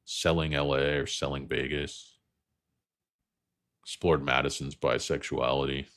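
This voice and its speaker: A man's voice: very deep voice, level tone, unhurried, fairly bright tone, dry recording, clean studio sound. A man in his fifties hosting a stock livestream, rambling and joking off on tangents; he sounds tired and as if he is losing his voice. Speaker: host.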